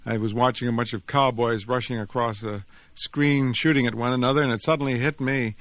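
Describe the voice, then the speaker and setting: A man reads his own story aloud with an expressive, measured storyteller's delivery. His voice sits in the middle range, and the recording is dry and close, with no room sound. He lingers over phrases and shapes each sentence. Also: mid-range voice, no echo. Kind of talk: dramatic reading of fiction and reflective commentary.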